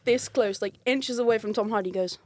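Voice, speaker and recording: A woman's voice: a little high, brisk, slight background noise. Chatty woman telling a story. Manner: animated, laughs often, acts out quoted voices. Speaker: guest telling a work story. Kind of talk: casual storytelling.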